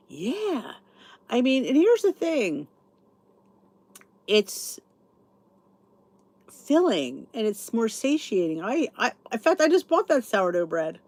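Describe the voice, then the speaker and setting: A woman's voice: on the high side, big pitch swings, measured pace, darkish tone, no echo. A middle-aged woman hosting a podcast, chatting in a rambling, sleepy way as she thinks aloud and answers comments. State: sleepy, yawning. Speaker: podcast host. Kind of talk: casual chat reading live comments.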